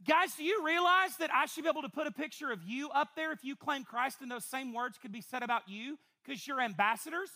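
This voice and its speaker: A woman pastor, preaching a sermon to a congregation in an animated, playful way with quick asides. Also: high-pitched. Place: church before a congregation.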